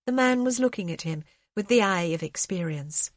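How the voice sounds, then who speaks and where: A woman narrating an audiobook in a measured way, slowing on grave passages. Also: medium pitch, lively intonation, no room sound, clean studio sound. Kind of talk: scripted narration.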